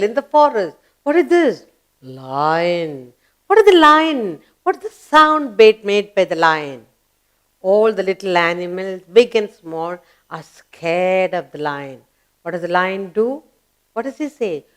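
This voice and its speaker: With a fairly bright, mid-range voice, a woman coaxes young pupils through a grammar lesson. Her delivery is emphatic; she asks things, answers them herself, and spells words letter by letter.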